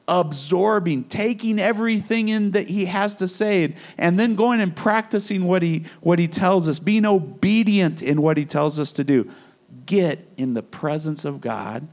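Male pastor, lively conversational sermon, fairly high voice, acts out the scenes.

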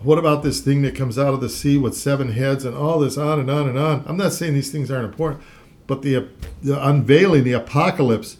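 A man's voice: mid-range voice, brisk, a little mellow. A man co-hosting a Christian talk show, teaching the Bible in an earnest, conversational way and reading scripture aloud with rising emphasis.

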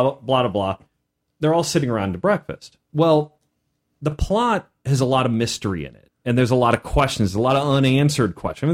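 A man co-hosting a podcast, talking casually as a game master and retelling a session in an animated way. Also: mid-range voice. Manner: animated storytelling.

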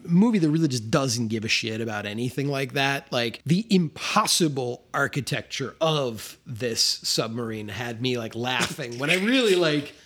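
A man's voice: mid-range voice, expressive, normal speed, few pauses, a bit bright. A man hosting a podcast, chatting casually and animatedly about films with lots of fillers and some swearing. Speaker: podcast host. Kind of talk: casual film discussion.

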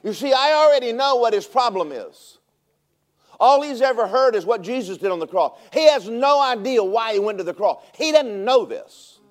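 In this sermon, a male pastor speaks at a moderate pace in a very high-pitched voice, his animated storytelling swelling into shouts at the high points.

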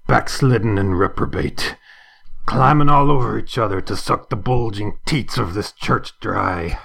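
A man putting on a furious middle-aged churchgoer who berates a church board with theatrical threats, his voice hoarse. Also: fairly low pitch, a little slow, a bit bright, exaggerated voice. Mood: wrathful.

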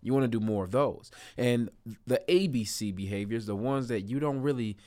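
A man's voice: medium pitch, normal speed, mellow. Earnest man giving self-help advice. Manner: earnest, repeats key phrases, stretches words for emphasis. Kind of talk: motivational talk to camera.

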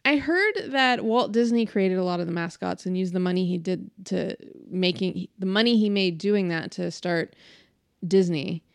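A woman's voice: fairly low pitch, moderate pace, creaky, clean tone, dry recording, clean studio sound. A woman co-hosting a podcast in casual chat, talkative, laughing often and saying "like" a lot. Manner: chatty, laughing, uses "like" a lot. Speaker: podcast co-host.

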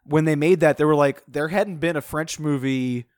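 A man's voice: a little high, moderate pace, clean tone, no echo, studio quality. A man co-hosting a film podcast in casual chat, loose and full of "like" and "um". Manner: loose, filler-heavy, full of "like". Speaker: podcast co-host.

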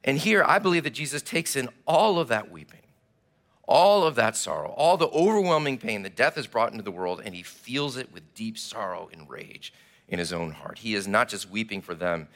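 A man preaching a sermon, telling the story with animated, acted-out delivery. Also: on the low side, moderate pace. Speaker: pastor.

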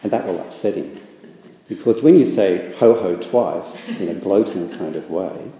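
Man doing a chill matter-of-fact bear, low dark voice, lots of hall echo. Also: moderate pace, close to an everyday voice. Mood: calm. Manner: cool, plain, matter-of-fact. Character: calm matter-of-fact young bear, unhurried. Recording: echoey hall with long reverb.

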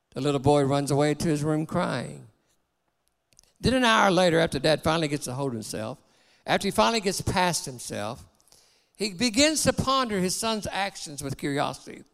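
High, gravelly preacher in a reverberant church. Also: male voice, animated, normal speed, fairly bright tone. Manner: earnest, exhorting. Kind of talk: sermon.

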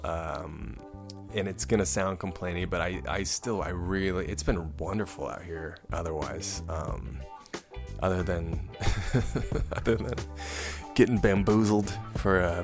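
Low gravelly man telling a story. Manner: rambling, self-mocking, laughs through the telling. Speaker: traveler recounting a trip. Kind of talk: casual storytelling to camera.

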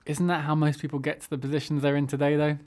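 A man's voice: a little high, monotone, fast, darkish tone. Laid-back man co-hosting radio. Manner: laid-back, chuckling, wraps up the show. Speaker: radio show co-host. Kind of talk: casual comedic radio chat. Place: radio studio.

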